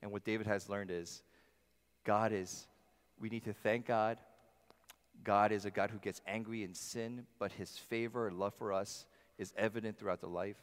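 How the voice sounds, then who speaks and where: A male pastor preaching a sermon in a church, emphatic, swinging between loud passages and soft ones. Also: lowish voice, fairly even intonation, moderate pace, clean tone. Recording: long reverb of a large hall.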